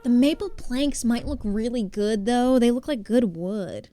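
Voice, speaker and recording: Playing a building game live, this young female streamer talks a little slowly in a slightly high voice with a dark tone. She curses without restraint, mocks herself, and keeps up easygoing chat with her audience.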